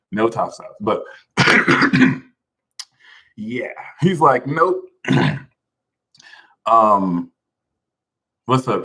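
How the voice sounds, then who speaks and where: A man's voice: mid-range voice, sharp tone, rough recording. A man hosting a casual livestream, talking animatedly, laughing a lot and reading viewers' names from the chat. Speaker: livestream host.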